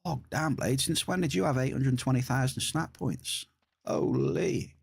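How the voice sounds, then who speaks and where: A man's voice: medium pitch, unhurried, vocal fry, husky. A man streaming a game, chatting casually and talking straight to his chat. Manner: chatty, addresses chat directly. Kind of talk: casual live-stream chat while gaming.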